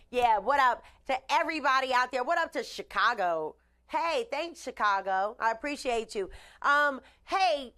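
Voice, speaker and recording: A woman hosting a live online show, chatting casually with shout-outs and blunt opinions. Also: fairly high pitch. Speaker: host. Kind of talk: casual live-stream talk.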